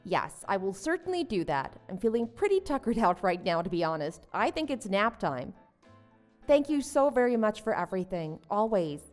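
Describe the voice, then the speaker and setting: A woman's voice: medium pitch, very animated, moderate pace, a little mellow, faint music behind, lightly acted. A woman voicing a wronged young wife and new mother who protests and pleads with her husband. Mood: polite. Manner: indignant, pleading. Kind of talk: story drama voice acting.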